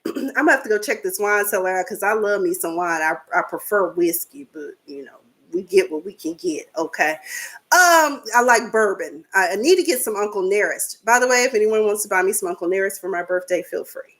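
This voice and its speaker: A woman in her forties chatting casually as she recaps a reality show, sassy and talkative, her pitch jumping between high and low. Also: fairly bright tone. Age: 40s.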